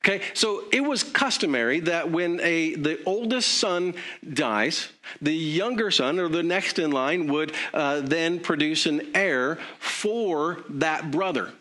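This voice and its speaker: A man's voice: fairly high pitch, slow, few pauses, sharp tone. A man preaching a sermon in a conversational way, with joking asides and frequent fillers. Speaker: pastor.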